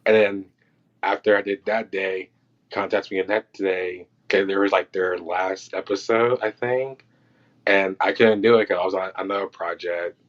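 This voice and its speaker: Man, low voice, loose animated storyteller; muffled lo-fi recording. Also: moderate pace. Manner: loose and animated, acting out quotes and reactions. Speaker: podcast guest, film crew electrician. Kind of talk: casual storytelling. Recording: dull lo-fi sound.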